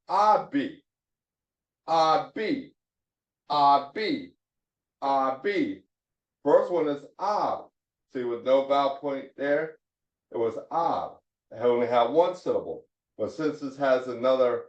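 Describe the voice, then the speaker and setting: Male language teacher, slow and methodical, repeats words as drills; echoey, dull lo-fi recording. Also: medium pitch, darkish tone. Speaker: Hebrew teacher. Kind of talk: phonics lesson. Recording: echoey room, dull lo-fi sound.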